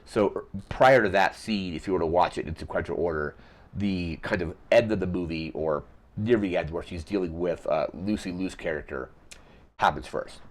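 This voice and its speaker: Deep-ish guy rambling through a movie recap, lots of ums and likes. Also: moderate pace. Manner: rambling, heavy on fillers. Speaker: podcast host.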